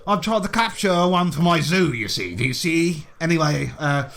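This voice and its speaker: A man's voice: fairly high pitch, lively intonation, normal speed, gravelly, a bit bright, a little hiss or hum, voice pushed up. A man voicing a pompous, boastful male explorer who runs a zoo, rambling and swearing constantly. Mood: belligerent.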